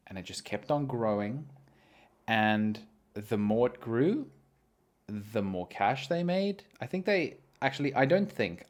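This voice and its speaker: A man hosting a casual solo chat, rambling from one thought to the next. He swears freely and makes jokes at his own expense. His pitch swings up and down in a very lively way, at a middle pitch for a man. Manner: rambling, profane, self-mocking. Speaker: host.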